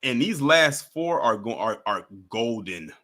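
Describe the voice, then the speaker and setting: Bright-voiced, animated male livestream host. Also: mid-range voice, unhurried. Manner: animated, mocking, chats with viewers. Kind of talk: casual reaction commentary.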